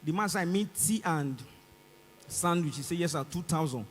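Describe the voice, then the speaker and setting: A Nigerian man with a Nigerian English accent doing stand-up comedy on a large concert stage, acting out both sides of the dialogue and rising to shouts. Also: fairly high pitch, moderate pace, long reverb tail, a little hiss or hum.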